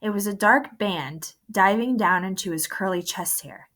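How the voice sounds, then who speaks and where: A woman reads a first-person novel as an audiobook, earnest and emotional. Her pitch sits in the middle for a woman. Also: moderate pace, fairly bright tone. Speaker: audiobook narrator.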